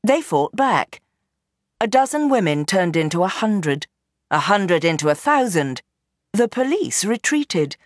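A woman narrating a novel as an audiobook in an expressive, dramatic reading. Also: on the low side, a little slow, dry recording, clean studio sound. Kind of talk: scripted narration.

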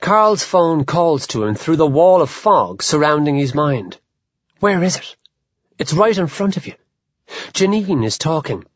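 A man reading an audiobook, expressive and giving each character a voice. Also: on the high side, a little slow, no echo. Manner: expressive, voicing many characters. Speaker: narrator. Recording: slightly dull recording.

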